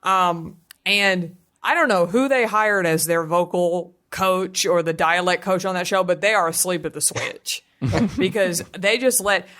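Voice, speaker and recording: Chatty woman, lowish voice. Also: normal speed, fairly bright tone. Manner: chatty, opinionated storyteller. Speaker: podcast guest. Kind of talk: casual chat.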